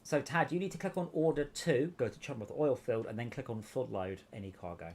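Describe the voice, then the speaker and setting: Guiding players step by step on his game stream, this male host chats casually in a medium-pitched, fairly quick voice with a slightly mellow tone.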